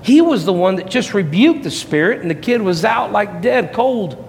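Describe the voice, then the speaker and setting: A man preaching a sermon as a pastor, impassioned, swinging between soft reflective passages and loud rising peaks. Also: sits high, animated, moderate pace, creaky, hardly any pauses, a little hiss or hum. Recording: long hall reverb, faint ambience.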